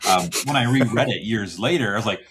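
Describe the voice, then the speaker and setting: A man's voice: lowish voice, lively intonation, fast talker, background noise. A man guesting on a podcast, chatting casually and rambling, often chuckling and poking fun at himself. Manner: rambling, chuckling, self-mocking.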